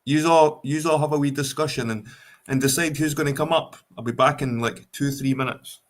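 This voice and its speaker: A slightly high-voiced Scottish man talks briskly as he hosts a livestream. In casual chat with viewers he rants bluntly and swears a lot.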